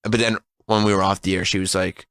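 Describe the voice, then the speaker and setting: Guy on a radio show telling a story, bright forceful voice, lowish pitch, dry studio sound. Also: fast, creaky, dry recording. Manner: storytelling, animated, laughs often. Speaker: radio co-host. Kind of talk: casual radio banter.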